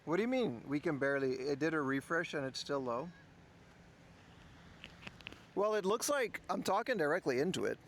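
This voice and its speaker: A man's voice: on the high side, very animated, normal speed, long pauses, fairly bright tone. A man from the Netherlands, hosting an IRL livestream outdoors by the ocean and chatting to viewers while fixing his clip-on mic. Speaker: livestream host. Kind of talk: casual IRL livestream talk. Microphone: clip mic on his hat. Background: wind.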